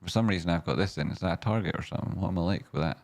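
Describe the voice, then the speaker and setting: A man's voice: low voice, racing, darkish tone. A man hosting a live stream, chatting and thinking aloud as he walks through stock charts with jokey asides.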